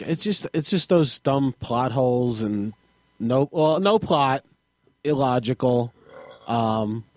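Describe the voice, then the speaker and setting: A man's voice: medium pitch, no room sound. A man, a guest comedian, telling rambling stories in casual podcast chat, often cutting himself off. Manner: rambling, self-interrupting storyteller.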